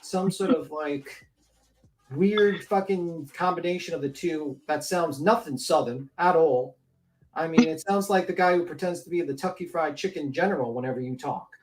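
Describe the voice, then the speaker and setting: Man, high voice, swearing, scornful, blunt commentary rant. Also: moderate pace, a little mellow. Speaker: commentary channel host. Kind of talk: ranting drama commentary.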